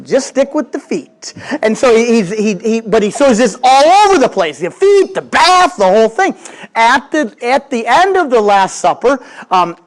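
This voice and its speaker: Lively, animated male preacher. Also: very high voice, normal speed. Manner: animated storytelling with jokes and acted-out quotes; conversational, addresses the congregation directly. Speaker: pastor. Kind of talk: sermon.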